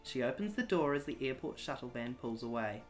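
A podcast host chatting casually and reading a gamebook aloud with playful, animated delivery. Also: mid-range voice, a little fast, faint music behind.

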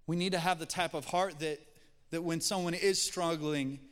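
A man preaching a sermon, telling a story in a folksy, animated way. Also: fairly high pitch, normal speed, clear, resonant tone, long reverb tail. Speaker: pastor.

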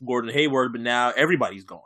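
A young man co-hosts a casual podcast, talking loosely, swearing and laughing often in an animated way. His medium-pitched voice races, and the recording is dry.

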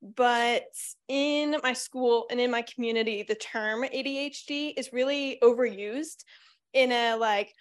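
A young woman in the audience asks a serious question in a fairly high voice. She reads partly from her notes and speaks quickly. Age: teens. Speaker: audience member asking a question.

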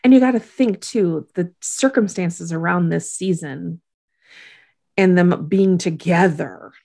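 A woman's voice: on the low side, measured pace, gravelly, warm tone. A woman co-hosting a podcast, casually recapping a TV episode scene by scene and often laughing as she goes.

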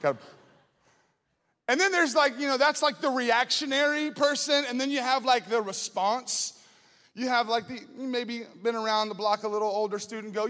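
A male student ministry pastor, preaching with animated storytelling that shifts from slow prayer to lively anecdotes. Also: very high-pitched, in a large hall. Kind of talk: sermon with personal storytelling.

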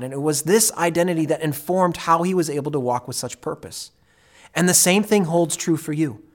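A man preaching as pastor, retelling a story with vivid dramatic delivery and sudden swings from quiet to loud. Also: a little high. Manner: dramatic storytelling, acting out voices with big swings in loudness. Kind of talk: sermon.

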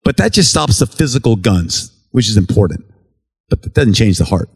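A man's voice: lowish voice, sing-song, moderate pace, creaky, darkish tone, breathy edge. A man from the United States, a relief worker giving a mission report to a church, telling stories in an earnest, conversational testimony style and acting out what people said. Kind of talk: storytelling testimony talk.

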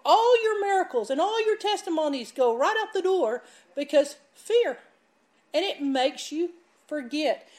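High-voiced woman preaching. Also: a little slow. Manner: animated, emphatic, laughs while telling stories. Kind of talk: sermon with storytelling.

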